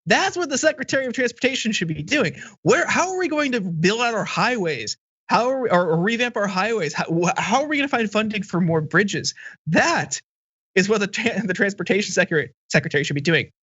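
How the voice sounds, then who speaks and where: A man in his thirties weighs in as a guest on a political talk show, blunt and dismissive, often stumbling and restarting. His voice sits a little high. The sound is dry and slightly muffled. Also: lively intonation, fairly quick, a bit bright, breathy edge, no echo. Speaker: guest commentator. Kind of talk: casual political commentary.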